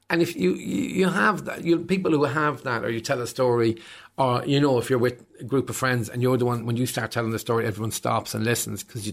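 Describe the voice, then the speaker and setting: Irish man, 50s, stand-up guest; gravelly, lively yarn-spinner who does the voices. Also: mid-range voice. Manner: animated storyteller acting out voices. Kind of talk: casual interview chat.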